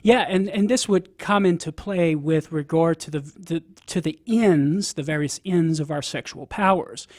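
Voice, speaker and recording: A man's voice: a little high, measured pace, few pauses, darkish tone, no room sound, studio quality. A man with a Cajun accent, a radio guest explaining ideas step by step, often checking in with "right?". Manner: teaching, sprinkles "right?" to check in. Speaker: guest apologist.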